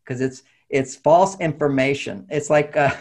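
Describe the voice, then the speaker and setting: A man, a relationship author, talking in an animated conversational way as an interview guest. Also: medium pitch, unhurried. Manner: animated, acts out quoted voices, laughs often.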